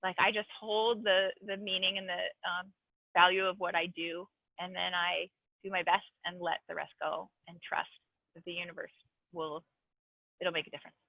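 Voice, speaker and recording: A woman's voice: on the low side, normal speed, gravelly, no room sound. Earnest woman ranger on a tinny call. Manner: earnest, expressive storyteller with many fillers. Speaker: park ranger trainer. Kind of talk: online training talk, storytelling and Q&A. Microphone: video call over a phone-like line. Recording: dry, tinny phone-line audio.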